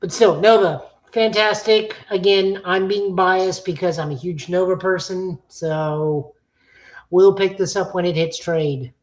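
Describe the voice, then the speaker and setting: A woman's voice: fairly low pitch, steady tone, unhurried, low-quality recording. A woman co-hosting a podcast, giving casual, blunt, opinionated takes on comic books with frequent fillers. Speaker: podcast co-host. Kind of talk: casual comic-book review chat.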